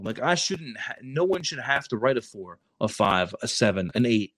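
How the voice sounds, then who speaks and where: A man's voice: mid-range voice, animated, normal speed, no echo. A man, a Marine recruiter talking on a casual podcast, rambling and restarting his sentences often. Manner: rambling, with many restarts and stammers.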